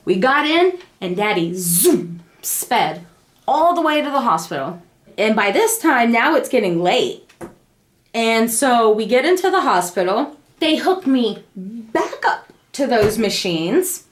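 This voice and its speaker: A young woman casually telling her family the story of a birth, acting out the quoted lines. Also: takes it slowly. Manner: animated, acts out the quoted lines in a high voice. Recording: echoey room.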